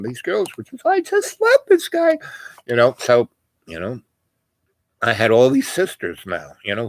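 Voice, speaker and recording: An older man spins a rambling personal story, stopping and restarting and dropping "you know" all the time. His voice sits at an ordinary middle pitch. The sound is close and dry, with no room around it. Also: a bit bright, dry recording. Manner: meandering, full of "you know" and restarts, acts out quoted voices.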